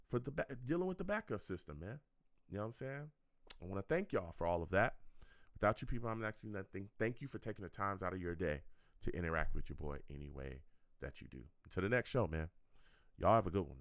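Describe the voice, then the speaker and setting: Lively low-voiced sports show host. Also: male voice, no echo, studio quality. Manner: animated, repeats himself, tags lines with "okay?" and "all right?"; joking and laughing at his chat. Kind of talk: casual call-in show wrap-up.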